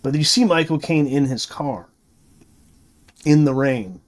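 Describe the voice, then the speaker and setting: A man's voice: a little high, measured pace. A man reviewing a movie, retelling the plot in a rambling, casual way full of fillers and restarts.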